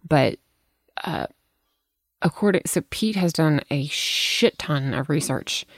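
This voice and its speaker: Low, gravelly-voiced woman podcaster. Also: lively intonation, slow, no echo, studio quality. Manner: frank, swears freely, storytelling. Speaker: podcast host. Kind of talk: candid casual chat.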